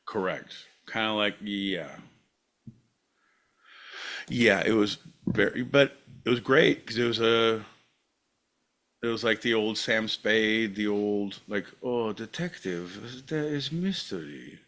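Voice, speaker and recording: Slow, rambling jokey man. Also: fairly low pitch, fairly even intonation, fairly bright tone. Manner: rambling, jokey, bursts into silly voices. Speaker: podcast host. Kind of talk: casual comedic chat.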